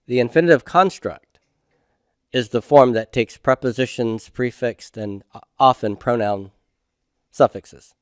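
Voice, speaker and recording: A middle-aged man gives a recorded grammar lecture, steady and patient, often posing a question and answering it himself. His voice is smooth and resonant and sits in an ordinary middle pitch. The sound is dry and close, with no room echo. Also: measured pace, pauses often. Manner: patient, asks students questions then answers them himself. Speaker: Hebrew grammar teacher.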